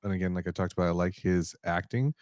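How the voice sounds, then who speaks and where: Man, very low voice, dry close sound, relaxed rambling podcast chat. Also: fast, dry recording. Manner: relaxed, rambling, self-correcting. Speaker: podcast co-host. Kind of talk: casual chat.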